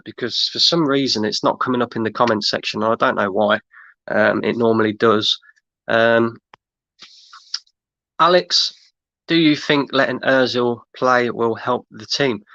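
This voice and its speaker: Ranting man, bright voice. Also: mid-range voice, no room sound, highs cut off. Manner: exasperated, ranting, repeats himself. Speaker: fan channel host. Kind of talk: livestream rant reading chat.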